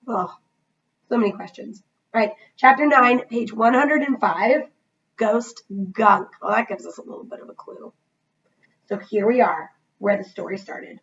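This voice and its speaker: Woman teacher reading aloud to kids, expressive, fairly high voice, muffled and off-mic. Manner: expressive, asking listeners questions. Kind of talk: children's read-aloud.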